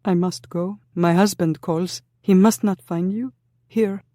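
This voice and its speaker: A narrator voicing a bold young noblewoman who speaks softly and throatily, in a dry recording. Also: fairly low pitch, normal speed, no room sound, voice pushed up, natural voice. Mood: urgent. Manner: soft, throaty, urgent.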